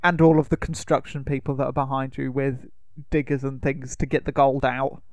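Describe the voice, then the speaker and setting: A man's voice: mid-range voice, flat delivery, moderate pace, no echo, clean studio sound. A man co-hosting a podcast, recapping a film in a rambling, casual way, full of fillers and laughter. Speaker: podcast co-host.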